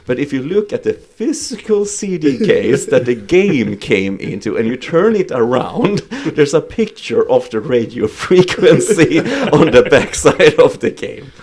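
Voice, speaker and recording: A man's voice: fairly high pitch, big pitch swings, unhurried, hardly any pauses, darkish tone, husky. A man with a Swedish accent hosting a casual gaming podcast, retelling funny moments eagerly and laughing often. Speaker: podcast host. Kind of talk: casual chat.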